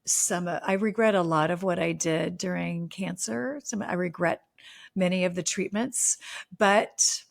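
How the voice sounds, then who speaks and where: A woman's voice: lowish voice, measured pace, creaky. Effusive woman podcast host. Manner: warm, effusive, faith-filled talk. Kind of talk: casual podcast chat and ad read.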